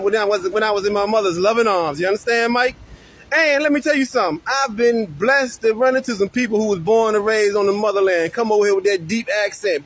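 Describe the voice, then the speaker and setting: American man, very high pitch, slangy preacher-style rebuttal full of rhetorical questions. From United States. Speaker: commentator responding to another video.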